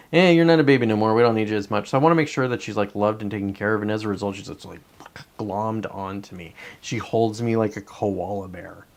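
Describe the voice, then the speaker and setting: A man talking casually on a live stream, rambling and profane, often breaking off mid-sentence and restarting. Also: on the low side. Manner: rambling and profane, with many self-interruptions. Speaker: livestreamer.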